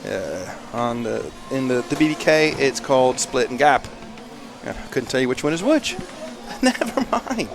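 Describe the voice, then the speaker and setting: A man commenting live on a race in a chatty, self-deprecating way, with excitable bursts. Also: mid-range voice, normal speed, vocal fry. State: a little out of breath.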